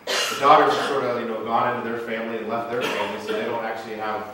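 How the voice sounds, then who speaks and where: A man's voice: medium pitch, level tone, fast, sharp tone, a little hiss or hum. A male pastor preaching a casual, conversational sermon as a playful storyteller. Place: church sanctuary. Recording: echoey sanctuary, mic from far off.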